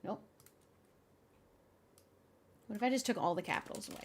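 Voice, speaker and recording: A young adult woman streaming, chatting casually with her viewers in an animated, often exasperated way and laughing a lot. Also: on the low side, moderate pace, long pauses, slight background noise. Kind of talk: casual live-stream chat.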